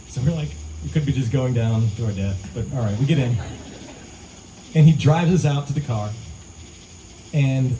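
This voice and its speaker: A male singer-songwriter telling a relaxed, conversational story between songs at a live outdoor show, into a stage mic. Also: medium pitch, a little hiss or hum, low-quality recording. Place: live music venue, outdoors among pines.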